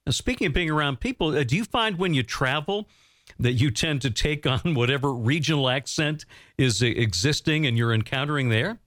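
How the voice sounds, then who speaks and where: A man hosting an interview, asking long, measured questions. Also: medium pitch, fairly bright tone, dry recording, clean studio sound. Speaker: interview host.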